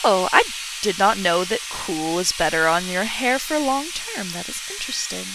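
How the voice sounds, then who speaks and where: A woman's voice: medium pitch, moderate pace, noisy background. A girl in her late teens, co-hosting a live stream and chatting casually with viewers. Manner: relaxed, chats with viewers. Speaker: co-host reading chat. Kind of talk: casual chat.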